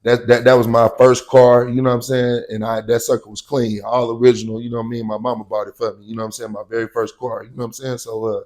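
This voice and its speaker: A man casually telling a personal story in slang, often saying "you know what I'm saying" and loudly acting out shouted quotes. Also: medium pitch, level tone, fast talker, hardly any pauses.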